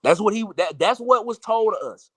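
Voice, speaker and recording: A man's voice: sits high, lively intonation, moderate pace, a bit bright, breathy edge, no echo. A man co-hosting a casual sports reaction show, emphatic and sarcastic, often repeating words as he builds a point. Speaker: sports talk co-host.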